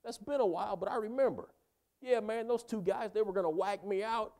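A man's voice: sits high, brisk, darkish tone, pitched above the performer's own voice. Man playing old king, laid-back, slangy, chatty, retold Bible story. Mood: amused. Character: ancient king, casual and slangy.

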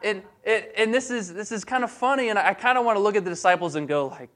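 A man preaching a sermon in a casual, humorous way, acting out quick bits of dialogue. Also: sits high, a bit bright. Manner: conversational and humorous, acts out voices of the disciples.

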